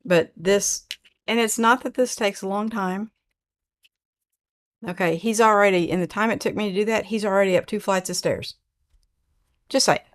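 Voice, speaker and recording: A woman's voice: mid-range voice, steady tone, normal speed. An older woman with an Oklahoma twang hosting a casual livestream, chatting and reading viewer comments aloud in a rambling way. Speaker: livestream host.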